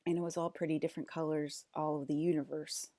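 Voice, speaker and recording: Low, gravelly woman rambling to viewers. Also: little pitch movement, fast talker, mellow, no echo. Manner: rambling, restarts, drifts between topics. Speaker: broadcaster.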